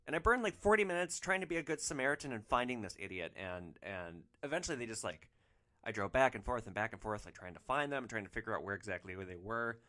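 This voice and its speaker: Brief: man, casual storyteller host, lively swinging pitch, bright forward voice. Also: fast talker. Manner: animated, swearing, frequent "like" fillers. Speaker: rideshare driver podcast host.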